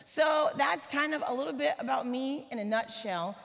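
A woman tells funny personal stories from the pulpit, lively and animated. Her voice sits fairly high. It rings out in a large church hall with a long reverb. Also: moderate pace, vocal fry. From Atlanta, Georgia, US. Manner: lively, humorous, animated storytelling. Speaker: guest preacher. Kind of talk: church sermon, personal storytelling.

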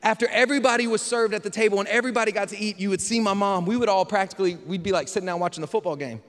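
A man preaching a sermon, his fairly high voice carrying through a long-reverb church hall. He talks in a loose, conversational way and keeps turning rhetorical questions to the congregation. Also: rapid-fire, fairly bright tone. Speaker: pastor. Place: church sanctuary.

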